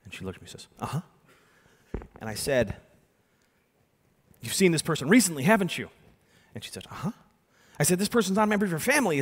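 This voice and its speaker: Man telling a story in an echoing hall. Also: medium pitch. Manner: animated storytelling with sudden loud and soft turns. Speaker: keynote speaker. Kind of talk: storytelling keynote talk. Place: large conference hall. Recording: long hall reverb.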